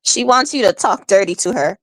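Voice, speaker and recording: A woman's voice: mid-range voice, lively intonation, brisk, a bit bright, no room sound. A woman co-hosting a casual online chat, playful and needling.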